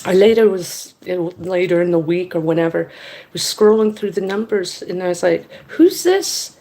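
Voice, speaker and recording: A woman in her fifties telling a story in a casual monologue, blunt and candid, acting out both sides of the conversation in lively quoted voices. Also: lowish voice, normal speed. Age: 50s. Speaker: vlogger.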